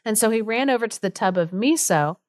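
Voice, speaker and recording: A woman's voice: a little high, lively intonation, brisk, dry recording, clean studio sound. A woman co-hosting a podcast, retelling a folk tale in a chatty, giggly way that is full of fillers. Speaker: podcast co-host. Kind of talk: casual storytelling chat.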